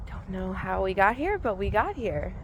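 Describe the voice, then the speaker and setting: A woman and vlogger giving a relaxed, rambling spoken gratitude list while out walking in the cold. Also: medium pitch, normal speed, lo-fi sound, a little hiss or hum. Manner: relaxed, rambling, thinking aloud. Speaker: vlogger and mindset coach. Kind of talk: casual spoken gratitude journal. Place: outdoors on a cold walk.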